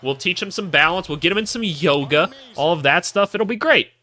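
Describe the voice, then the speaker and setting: A man calling out basketball clips in a casual, excitable way, joking and cheering plays as he watches. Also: sits high, brisk. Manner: excitable, jokey, voices players in asides. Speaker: basketball analyst. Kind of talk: casual video commentary over game clips.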